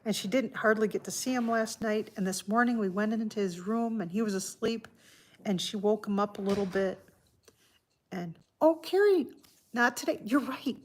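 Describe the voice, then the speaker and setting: A woman hosting a casual livestream from home, chatting softly and heartfelt while answering viewers by name. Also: mid-range voice, normal speed. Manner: soft-spoken and heartfelt. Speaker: livestream host. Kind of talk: casual live-stream chat.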